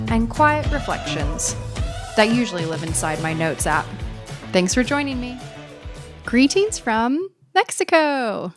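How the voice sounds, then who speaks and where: Chatty self-mocking Australian woman host. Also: mid-range voice. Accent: American-sounding with a light Australian touch. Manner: chatty, self-deprecating, laughs at herself. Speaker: podcast host. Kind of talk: casual monologue.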